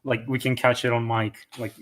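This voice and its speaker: A man's voice: medium pitch, flat delivery, fairly quick. A man from Italy, co-hosting a casual stream and teasing his friends with a laugh. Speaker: podcast co-host. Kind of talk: casual live-stream chat.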